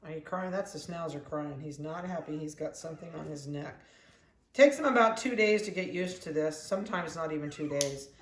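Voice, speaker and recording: A dog breeder chatting casually while weighing and collaring puppies, talking softly and coaxingly to them. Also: mid-range voice, a little fast. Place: indoor kennel room. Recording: echoey room with faint background noise.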